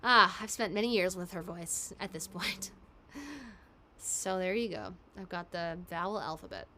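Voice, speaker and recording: A woman voice actress casually chatting and answering fan questions on a live stream, giggly and quick. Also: fairly low pitch, lively intonation.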